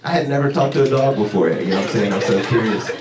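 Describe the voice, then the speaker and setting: A male stand-up comedian telling a story to a club audience, with animated delivery that jumps into high, excited voices. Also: quick pace, a crowd in the background. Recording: echoey club sound from far off.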